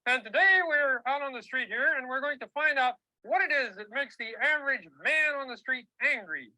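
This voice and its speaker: A man's voice: very high voice, normal speed, sharp tone, full character voice, low-quality recording. An actor playing a stammering male frog street reporter in a puppet sketch, nasal and flustered.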